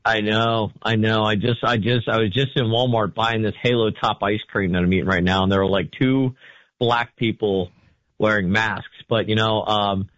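A man's voice: lowish voice, steady tone, moderate pace, a bit bright, no echo, dull audio. A man co-hosting a casual talk radio show, giving blunt opinions in a rambling way with many restarts. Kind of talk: casual call-in radio chat.

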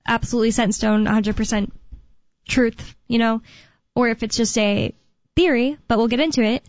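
A fairly high-voiced woman hosts a talk radio show, rambling on with plenty of fillers and restarts. The sound is dry and dull, like lo-fi radio. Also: no room sound. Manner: chatty, rambling, many fillers. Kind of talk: casual talk radio chat.

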